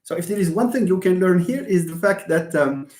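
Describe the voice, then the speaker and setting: A man with a Moroccan accent, a native Moroccan Arabic speaker, lectures in a live online lesson, his pitch swinging widely as he acts out examples. He drifts between English and Arabic and laughs at his own mistaken pronunciations. The sound carries a roomy echo. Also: lively intonation, fairly quick, a little mellow.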